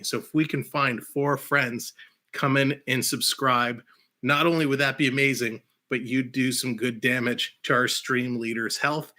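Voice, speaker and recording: This relaxed hockey stream is run by a man whose voice sits in the middle range. He calls the action and chats, and big moments set him off shouting.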